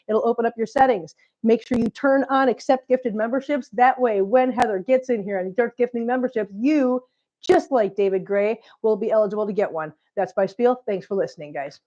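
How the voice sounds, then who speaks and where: A woman hosts a casual livestream while short of breath from chest congestion. She chats, teases viewers and reads out their comments, and her heavy breathing sits right on the close mic. Her voice is mellow and dark, and the livestream audio is dull and lo-fi. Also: on the high side, a little fast. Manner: chatty, teasing, laughs often, reads out viewer comments. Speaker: cat channel livestream host. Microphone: close mic, breathing audible.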